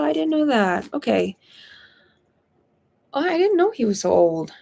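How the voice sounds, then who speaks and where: A woman's voice: high voice, sing-song, a little slow, creaky, dark tone. A woman psychic medium chatting casually on a live stream, giggly and full of fillers. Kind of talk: live-stream reading chat.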